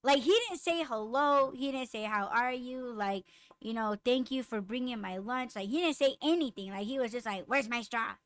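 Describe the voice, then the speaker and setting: Woman podcast host, casual profane chat, raised and animated when riled, smooth clear voice. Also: fairly high pitch, moderate pace, no room sound. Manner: blunt, profane storytelling. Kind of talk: casual chat with live comments.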